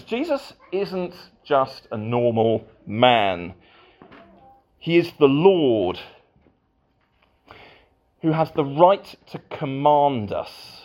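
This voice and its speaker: A man's voice: mid-range voice, highs cut off. A man preaching a sermon to a congregation, with playful asides.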